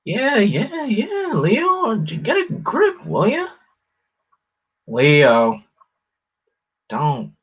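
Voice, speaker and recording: A man voicing a gruff, hot-headed teenage male turtle ninja with a put-on Brooklyn accent and a rough street-tough voice. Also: high-pitched, huge pitch swings, drawn-out words, pauses often, voice pushed up, heavily acted. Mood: brash. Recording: slightly muffled lo-fi audio.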